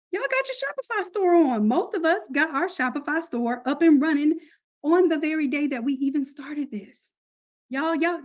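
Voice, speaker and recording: A woman with a high voice leads a live online class in a loose, chatty way, full of slang and direct asides to her students. Her tone stays upbeat and informal. The audio sounds a little muffled and lo-fi. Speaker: online course instructor. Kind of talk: casual live class talk.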